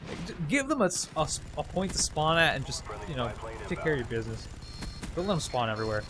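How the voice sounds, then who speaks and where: A man's voice: a little high, big pitch swings, quick pace. A man giving casual, jokey, rambling commentary over his own gameplay. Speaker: gaming commentator.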